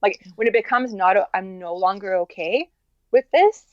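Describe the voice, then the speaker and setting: An earnest woman telling her story in an interview, her voice sitting at an ordinary middle pitch as she circles back and restarts her sentences. The sound is dry and a little dull. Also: no room sound. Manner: earnest, talks in halting restarts with many likes. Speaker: interview guest. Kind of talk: candid personal interview.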